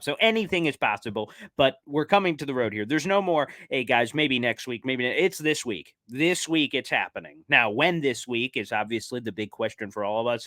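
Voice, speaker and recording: Excitable sports fan in a dry room. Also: male voice, medium pitch, no room sound. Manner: excitable, talks straight to viewers, says "baby" a lot. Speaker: sports commentator. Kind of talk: casual video commentary.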